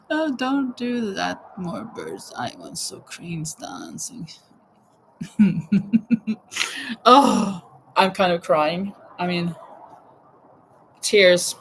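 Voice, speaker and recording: A woman's voice: medium pitch, sing-song, slow, long pauses, a bit bright, a little hiss or hum, poor audio. A woman in her fifties hosting a live chat and quiz, laughing often and exclaiming "oh my goodness.". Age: 50s. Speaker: livestream host running a quiz.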